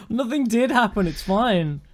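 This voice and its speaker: A man's voice: very high voice, very animated, slow, a crowd in the background. A young man, co-hosting a podcast in a joking, teasing way. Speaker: podcast co-host. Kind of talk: casual chat.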